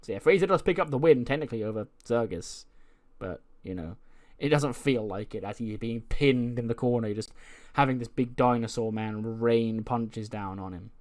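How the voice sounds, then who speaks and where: A man's voice: medium pitch, normal speed, few pauses, darkish tone. A man narrating a wrestling management game in a chatty way, laughing often as he goes. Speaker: gaming video host.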